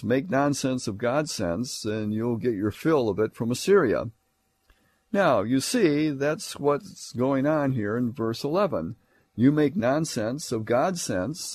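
A man's voice: on the low side, a little mellow, no room sound. An older man giving an academic Bible lecture. He reads passages aloud and explains them, sometimes mimicking a sarcastic tone in quoted lines. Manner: reads scripture aloud, then explains it plainly.

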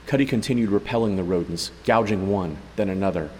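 A man narrating a story in a steady, even way, as an audiobook reader. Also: low-pitched, fast, long reverb tail, slight background noise, low-quality recording. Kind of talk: scripted narration.

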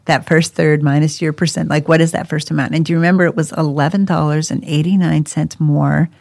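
A woman telling her own story in a casual podcast chat. She talks in an animated way, laughs often and acts out the voices of people she quotes. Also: sits low, fairly quick, creaky, no echo. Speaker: co-host sharing her life story.

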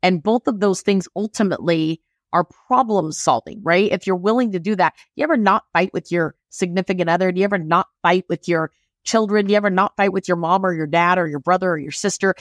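A woman who leads a mortgage branch, speaking emphatically in a podcast discussion and firing off rapid questions. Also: lowish voice, no echo, studio quality.

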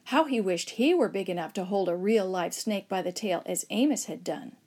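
A woman's voice: medium pitch, moderate pace. Woman reading a children's story. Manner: expressive, acts out shouts and whispers. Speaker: narrator.

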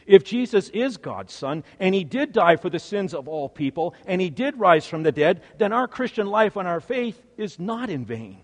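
A man's voice: sits high, very animated, normal speed, few pauses. List: man, sermon, dramatic storytelling, long hall reverb. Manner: dramatic storytelling, swings from hushed to emphatic. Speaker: preacher.

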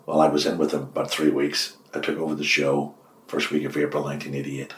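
An older Irish man, a radio host, telling long anecdotes in an interview and acting out the dialogue with lively swings in his voice. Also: fast. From Ireland. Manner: lively storyteller, acts out quoted dialogue with big pitch jumps. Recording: roomy echo.

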